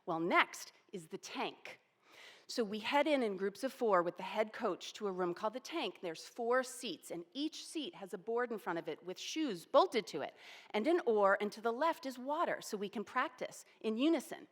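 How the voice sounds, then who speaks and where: A woman in her forties telling a personal story, animated and self-deprecating. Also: mid-range voice, normal speed, long reverb tail. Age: 40s.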